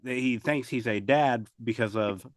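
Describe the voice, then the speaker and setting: Casting note: a male podcast co-host with an even, mid-range voice, casual and crude, in a dry, close sound. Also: mid-range voice, normal speed, no echo. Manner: laid-back, recapping plot with crude humor. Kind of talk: casual movie review chat.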